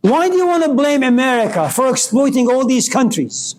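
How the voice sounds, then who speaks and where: High-voiced man lecturing with rhetorical questions. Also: big pitch swings, brisk, darkish tone, poor audio. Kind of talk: philosophy lecture.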